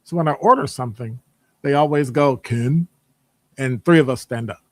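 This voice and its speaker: A man talking casually in a rambling monologue, animated and digressive, jumping into high voices when quoting people. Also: normal speed, no room sound. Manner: conversational, digressive. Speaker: podcast host; academic department member.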